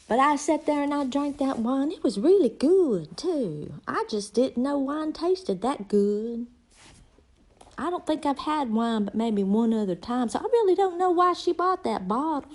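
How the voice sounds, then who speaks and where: A woman's voice: fairly high pitch, darkish tone. Folksy woman telling a rambling story. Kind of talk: casual comedic storytelling monologue.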